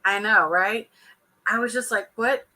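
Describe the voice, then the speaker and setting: A woman's voice: medium pitch, unhurried, bright, forceful tone, poor audio. A woman, chatting casually and laughing often as she reacts to a show for her viewers. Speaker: reality TV reaction vlogger.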